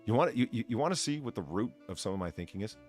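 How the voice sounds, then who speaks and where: A man's voice: on the low side, animated, rapid-fire, a little mellow, faint music behind. A man hosting a podcast, rambling and cursing through crude comedic banter with lots of stammering restarts. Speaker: podcast host.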